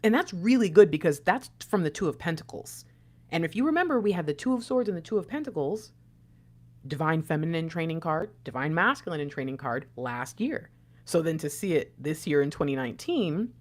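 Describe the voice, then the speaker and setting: A woman speaking straight to her viewers in a casual spiritual talk. Her pitch swings widely as she moves between hushed, breathy asides and loud, emphatic bursts. She talks in a chatty way, full of asides and everyday fillers. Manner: animated, swings from soft whispers to loud outbursts. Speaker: spiritual channel host.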